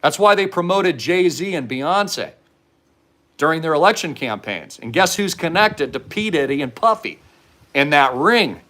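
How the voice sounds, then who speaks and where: Higher-voiced man, fervent and preachy, pushing hard in a commentary monologue. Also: big pitch swings, unhurried, fairly bright tone. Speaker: host.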